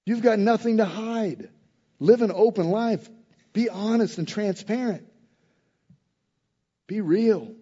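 A man preaching a lively, conversational sermon, pressing his points hard and slipping into the voices of the people he quotes. His voice sits high for a man, and the recording has a muffled, lo-fi sound. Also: slow pace, long pauses, breathy edge, in a large hall. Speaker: pastor.

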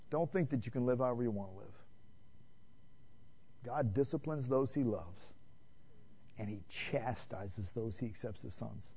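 Fervent man preaching, dull lo-fi sound. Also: medium pitch. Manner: swings between loud emphatic questions and hushed quiet passages; direct, addresses listeners with "man" and rhetorical questions. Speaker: pastor. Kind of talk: sermon. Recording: dull lo-fi sermon recording.

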